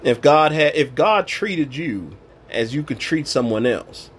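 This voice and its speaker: A man's voice: fairly high pitch, animated, unhurried, breathy edge. A man giving an informal sermon, preaching in an emphatic, colloquial way. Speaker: Bible teacher.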